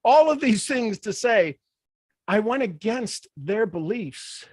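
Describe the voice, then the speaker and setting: A man from Ohio giving a motivational talk in an animated, folksy way with playful asides. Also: on the high side, no echo, studio quality. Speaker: motivational speaker.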